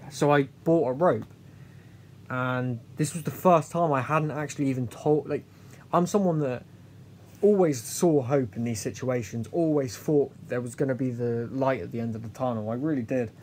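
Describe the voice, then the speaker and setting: A man's voice: medium pitch, darkish tone, a little hiss or hum. A man vlogging a candid personal story, earnest and confessional, often restarting and trailing off. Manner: halting, with many restarts and trailing pauses.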